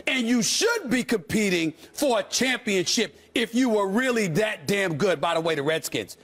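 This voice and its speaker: High-voiced man shouting sarcastic sports takes. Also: expressive, normal speed. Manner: loud, theatrical and sarcastic, shouting for emphasis. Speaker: sports debate co-host. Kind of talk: heated sports debate.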